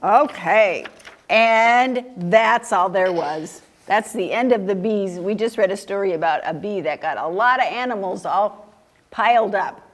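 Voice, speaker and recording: A woman's voice: medium pitch, unhurried. A woman reading picture books aloud to a group of young children, playful and sing-song, asking them questions and laughing often. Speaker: children's story time reader.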